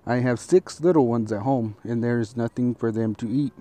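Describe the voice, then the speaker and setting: A man's voice: mid-range voice, moderate pace, mellow, natural voice. A man voicing a hungry, humble male fox in a storybook, speaking politely and pleading.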